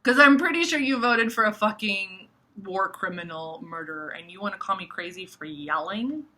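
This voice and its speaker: A young woman talking casually to camera, animated and profane, full of fillers like "like" and "you know". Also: mid-range voice, normal speed. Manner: animated, swears, many likes. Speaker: astrology vlogger.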